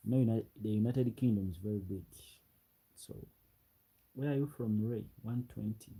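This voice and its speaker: Here a livestreamer from Uganda, with a Ugandan English accent, talks casually late at night and reads viewers' comments. The voice is on the low side, warm and slightly rough at a moderate pace, and the webcam-and-ring-light recording is rough.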